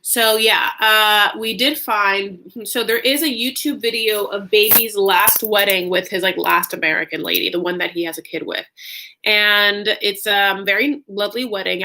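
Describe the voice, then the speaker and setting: Chatty bright-voiced woman vlogger. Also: mid-range voice, moderate pace, a little hiss or hum. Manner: chatty, heavy use of "like", animated asides. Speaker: YouTube reality-TV recapper. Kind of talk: casual gossipy recap vlog.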